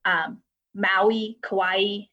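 In a very slow, medium-pitched voice with fairly even intonation, a woman talks casually about her job at a drag racing timing system company. The recording is muffled. She's chatty in this interview, using lots of fillers and laughing lightly.

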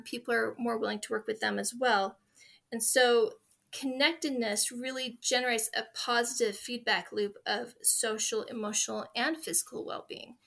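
A woman's voice: on the high side, fairly bright tone. A woman in her forties, a guest in an interview, telling earnest, heartfelt stories about her family. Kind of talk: interview conversation.

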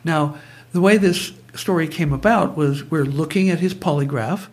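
A man's voice: on the high side, normal speed. A man guest telling stories in conversation, digressive and prone to tangents. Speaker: guest, brainwave trainer. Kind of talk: conversational storytelling.

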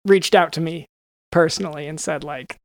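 A man's voice: a little high, moderate pace, no room sound, clean studio sound. Rambling man doing a jokey podcast ad read. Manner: rambling, jokey, full of restarts and fillers. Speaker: podcast co-host reading an ad. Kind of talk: improvised comedic ad read.

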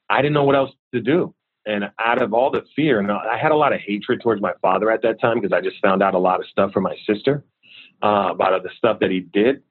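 A man's voice: fairly low pitch, husky. A man, a guest in an interview, candidly and steadily telling a personal story. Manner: candid, steady recounting of hard memories. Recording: tinny phone-like line.

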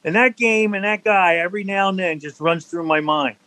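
Older man telling lively football stories. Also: sits high, brisk, poor audio. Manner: animated anecdotal storyteller, laughs between stories. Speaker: interview guest, former football center. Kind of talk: storytelling in a conversational interview.

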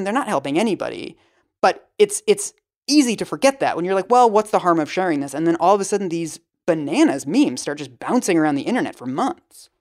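A woman guest talking in a casual interview, quick and animated, sometimes acting out other people's voices. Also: fairly low pitch.

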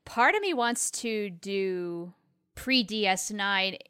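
A woman's voice: medium pitch, animated, slow pace, fairly bright tone, clear, resonant tone, dry recording, studio quality. A woman co-hosting a podcast, chatting casually and agreeing enthusiastically. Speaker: podcast co-host. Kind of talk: casual fan chat.

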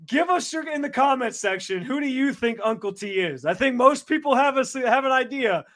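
A man's voice: very high voice, animated, fairly quick, fairly bright tone. A man co-hosting a casual sports podcast, laughing often and making long, winding points. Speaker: podcast co-host.

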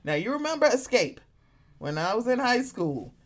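Animated high-voiced woman chatting. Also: normal speed. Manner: animated, profane, acts out quoted voices. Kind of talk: casual chat.

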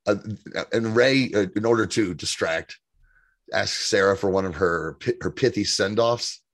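Low-voiced man co-hosting a podcast. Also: a little slow, no room sound, clean studio sound. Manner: chatty, laughs often. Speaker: podcast co-host. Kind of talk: casual TV recap chat.

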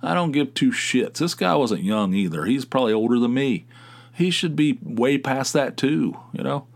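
A man's voice: mid-range voice, animated, normal speed, gravelly. A middle-aged man hosting a podcast, talking in a rambling, profane casual monologue with many restarts. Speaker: podcast host.

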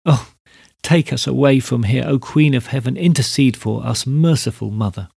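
A weeping young mother aches for her faraway home village, her words spilling out in a tearful plea, as a male narrator puts her on. The voice is husky with a gravelly edge, heard close and dry. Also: medium pitch, normal speed, darkish tone, no echo. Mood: tearful longing. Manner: pleading, sobbing outpouring.

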